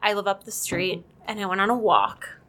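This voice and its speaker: A woman guest on a chat podcast, telling a story in an animated, dramatic way and swearing casually. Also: mid-range voice, moderate pace.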